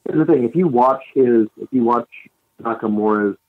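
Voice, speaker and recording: A man co-hosting a podcast in casual chat, retelling events in a lively play-by-play way. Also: mid-range voice, moderate pace, no echo. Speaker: podcast co-host. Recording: slightly dull lo-fi sound.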